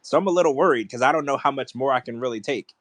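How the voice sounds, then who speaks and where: A man's voice: medium pitch, racing, a bit bright, dry recording. A man co-hosting a podcast, ranting in casual chat with strong opinions. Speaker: podcast co-host.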